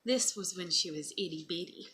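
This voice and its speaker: A woman's voice: lowish voice, normal speed, slight background noise. A woman in her thirties, a mother, casually chatting and reading her child's old letters aloud, rambling and emotional. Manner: rambling, soft-spoken, emotional. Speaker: vlogger, mother.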